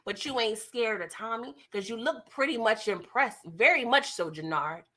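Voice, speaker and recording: Woman doing a tv recap stream, high bright voice, slangy aave, animated and teasing. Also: normal speed. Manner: animated, slangy, laughs and mocks. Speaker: TV recap host. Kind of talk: casual live-stream recap chat.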